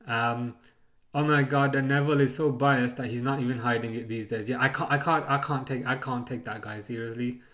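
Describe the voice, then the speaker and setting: A man's voice: mid-range voice, steady tone, brisk, fairly bright tone. A man hosting a live football watchalong, chatting casually, rambling and chuckling as he reads out chat messages.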